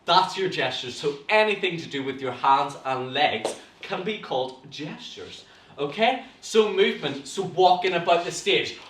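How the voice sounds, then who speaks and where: A young Northern Irish man leads an acting lesson with a bright, fairly high voice that leaps all over the place. He gasps and bursts out theatrically as he coaches his viewers. He sits a little back from the mic in a room with a noticeable echo. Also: animated, unhurried, far from the mic, slight background noise. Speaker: drama teacher. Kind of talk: online acting class, addressing viewers.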